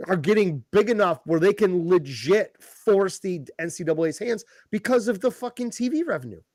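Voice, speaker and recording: Higher-voiced man ranting profanely. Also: animated, moderate pace, a little mellow, no echo, clean studio sound. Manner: rambling, profane, worked-up. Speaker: podcast co-host. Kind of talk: casual chat.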